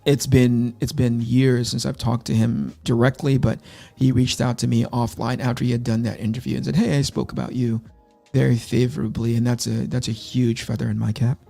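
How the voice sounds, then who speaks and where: A man in his fifties hosts a launch stream, casually telling candid, self-deprecating stories about his early career with many restarts. His medium-pitched voice is flat, a little fast, and dark with vocal fry, over soft background music.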